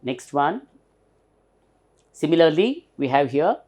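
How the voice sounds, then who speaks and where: A man's voice: on the high side, lively intonation, measured pace, a little mellow. A man with an Indian English accent teaching pronunciation, patiently spelling words letter by letter and repeating them for emphasis. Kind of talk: recorded pronunciation lesson.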